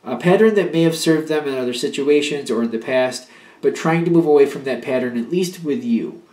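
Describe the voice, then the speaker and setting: A man's voice: on the high side, lively intonation, brisk, darkish tone, reverberant. A man giving a casual spoken tarot reading. He rambles and restarts as he talks, and now and then acts out an imagined partner's pleas. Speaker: tarot reader.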